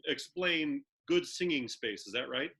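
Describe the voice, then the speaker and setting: Bright, lively male host. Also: on the high side, unhurried. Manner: upbeat, playful game-show banter. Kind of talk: casual video-call chat. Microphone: video call.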